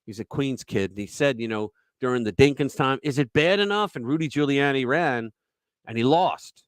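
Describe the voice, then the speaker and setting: A man hosting a political commentary show, talking emphatically and conversationally and retelling stories with quick asides. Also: medium pitch, no echo, studio quality. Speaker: host.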